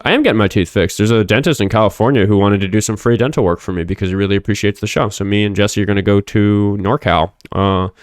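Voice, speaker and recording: A man's voice: on the low side, quick pace, few pauses, clear, resonant tone, no echo, clean studio sound. A young man hosting a livestream show, rambling and swearing casually with lots of fillers. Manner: rambling, profane, frequent fillers. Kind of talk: casual livestream talk with callers.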